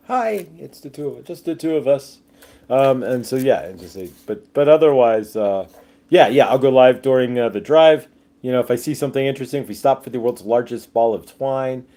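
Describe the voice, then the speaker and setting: A man's voice: medium pitch, mellow. Rambling man hosting a casual livestream. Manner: rambling, many fillers, jokey asides; reads viewer comments aloud. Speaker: livestream host.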